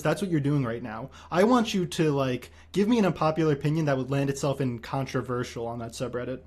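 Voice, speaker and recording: A young man hosts a livestream and talks at a rapid clip. He teases his guest, firing off quick questions and slipping into playful mock lectures. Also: mid-range voice, animated, a little mellow. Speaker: streamer host. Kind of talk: casual stream chat.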